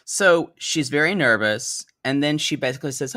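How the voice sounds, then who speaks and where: A man's voice: a little high, animated, moderate pace, few pauses, sharp tone, dry recording, clean studio sound. A man co-hosting a podcast, recapping an episode in casual, joking chat with frequent ums and laughs. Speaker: podcast co-host.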